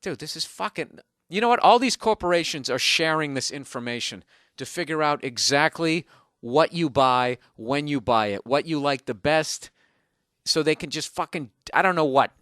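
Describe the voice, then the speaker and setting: A man's voice: fairly high pitch, animated, moderate pace, a bit bright, dry recording, clean studio sound. A man hosting a comedy podcast from a hotel room on a single microphone, ranting sarcastically and swearing freely. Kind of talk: casual comedic rant. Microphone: single microphone, no headphones.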